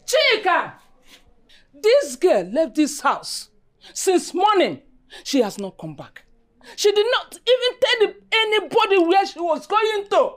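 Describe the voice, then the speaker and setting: An actress with a Nigerian accent playing a harsh, loud, scolding mother. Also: very high-pitched, full character voice. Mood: angry.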